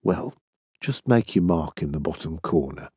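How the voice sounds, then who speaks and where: A man's voice: a little high, expressive, takes it slowly, darkish tone, dry recording, pitched above the performer's own voice. A man doing a businesslike pay clerk.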